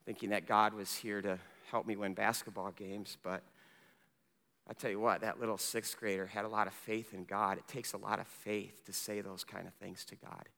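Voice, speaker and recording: Male pastor preaching, bright and forceful, alternating loud and hushed delivery, long church reverb. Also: lowish voice, little pitch movement, normal speed, creaky. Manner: impassioned, swinging between loud emphasis and hushed speech. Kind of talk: sermon.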